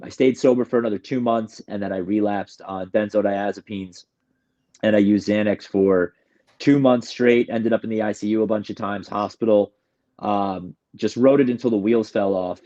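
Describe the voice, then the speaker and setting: A man's voice: lowish voice, steady tone, normal speed, dark tone, dull audio. A man from New York telling his recovery story in a candid, emotional, rambling way, often starting his sentences over. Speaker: guest sharing recovery story.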